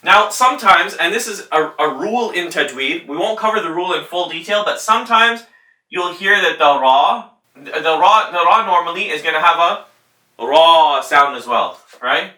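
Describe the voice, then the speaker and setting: A male Quran recitation teacher giving a tajweed lesson, patiently demonstrating letter sounds slowly and repeating them. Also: a little high, animated, sharp tone. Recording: roomy sound from a distant mic.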